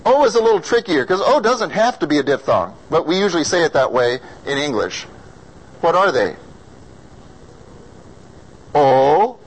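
A man's voice: a little high, big pitch swings, brisk, slightly rough, low-quality recording. A man with an American accent teaching a class about vowel sounds, patiently sounding out vowels and asking his students questions. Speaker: singing or diction teacher.

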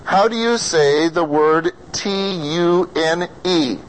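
Male voice teacher, American, fairly high voice, slow and deliberate, sounding out vowels for a class. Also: a little hiss or hum, low-quality recording. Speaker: singing or diction teacher.

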